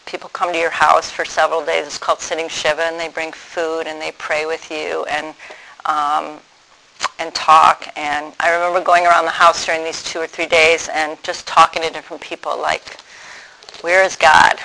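A man telling his personal testimony in a reflective way, pausing often with ums and restarts. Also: fairly high pitch, completely flat delivery, vocal fry, sharp tone, a little hiss or hum, low-quality recording. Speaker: speaker sharing his faith story.

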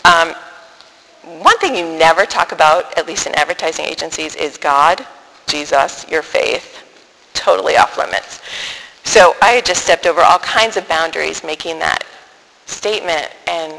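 A middle-aged woman telling a personal faith story in an animated way, acting out the dialogue and laughing often. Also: low-pitched, normal speed, creaky. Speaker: speaker sharing a faith testimony. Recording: echoey hall with long reverb.

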